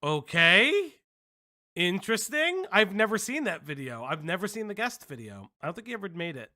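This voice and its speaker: A man's voice: sits high, very animated, normal speed, pushed and bright, no echo, clean studio sound. A man hosting a commentary stream, talking sarcastically and joking about the clips he plays. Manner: sarcastic, jokes and laughs at the clips. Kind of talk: mocking commentary.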